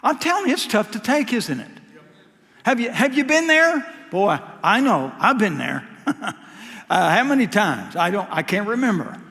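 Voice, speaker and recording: A male preacher delivers an impassioned sermon in a high voice. He surges to loud, emphatic peaks and then sinks into soft, low asides. The long reverb of a large church hall trails every phrase. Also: very animated, normal speed, creaky.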